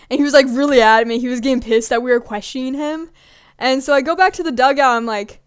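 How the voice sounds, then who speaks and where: A woman's voice: high-pitched, brisk, clean tone. A young woman in her early twenties telling casual stories in a chatty way, swearing now and then and acting out what people said. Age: young adult. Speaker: vlogger. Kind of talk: casual storytelling.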